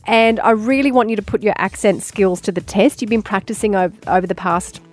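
A woman's voice: medium pitch, soft background music. A woman hosting a radio show, teasing her co-hosts in casual banter. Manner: teasing, playful, quick to laugh. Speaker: radio host.

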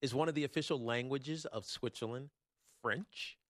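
A man hosting a sports talk show, rambling and joking in a casual, animated way with lots of fillers. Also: medium pitch, moderate pace, no room sound. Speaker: sports radio host.

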